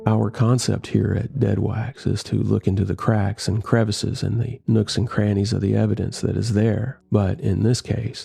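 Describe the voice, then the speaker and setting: A male podcast host narrating a true-crime story in a measured, wry way. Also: lowish voice, steady tone, creaky, dark tone, husky.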